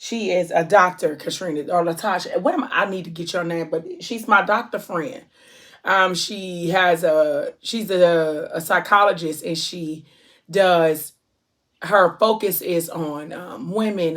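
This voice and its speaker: A woman from Ohio chatting casually to her viewers as a vlogger, effusive and full of endearments. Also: on the low side. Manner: effusive, warm shout-outs, drawn-out endearments. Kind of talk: casual chat to camera.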